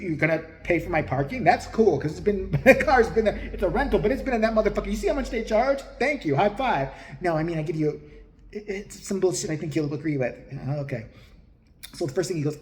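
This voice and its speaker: A man's voice: high voice, big pitch swings, moderate pace. A man giving crude, mocking comedic commentary in a profane ranting style. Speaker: host. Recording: roomy echo.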